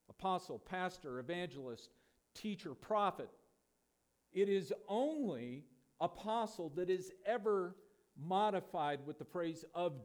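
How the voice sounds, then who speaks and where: A man's voice: high voice, a little mellow. A pastor preaching a sermon to his church, emphatic and full of rhetorical questions.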